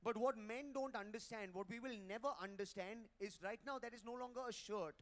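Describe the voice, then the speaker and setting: Male stand-up, high voice, teasing crowd work at a hotel ballroom event. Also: fairly quick. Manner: brash, teasing, crowd-roasting. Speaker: stand-up comedian. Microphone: handheld mic.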